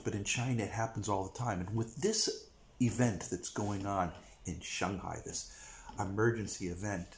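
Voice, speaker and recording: A man's voice: fairly low pitch, a little mellow. A man delivering a blunt, repetitive, profane rant to camera as a vlogger. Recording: echoey room.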